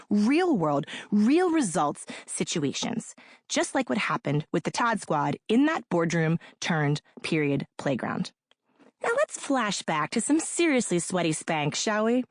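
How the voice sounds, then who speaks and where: A woman narrating her own audiobook in an energetic, playful pep-talk manner. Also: mid-range voice, no echo, studio quality.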